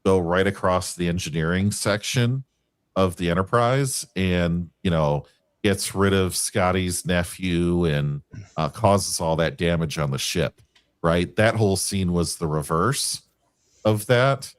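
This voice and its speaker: A man's voice: deep voice, measured pace, clear, resonant tone, dry recording. A man co-hosting a casual review chat, earnest and enthusiastic, often stopping and restarting his sentences. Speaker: co-host. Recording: dry close-mic sound.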